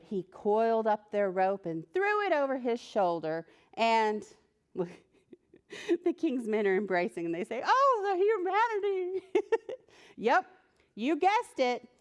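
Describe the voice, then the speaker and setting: A woman with a mid-range voice and clean tone reads a picture book to preschoolers as their children's librarian, animated throughout and asking the children questions.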